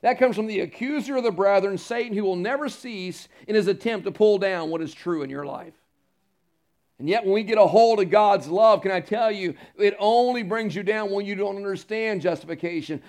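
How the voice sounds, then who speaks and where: A man preaches from the pulpit with a high, ringing voice. He drives points home with loud, drawn-out declarations, then drops to quiet, confiding asides to the congregation. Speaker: pastor. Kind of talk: sermon. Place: church sanctuary.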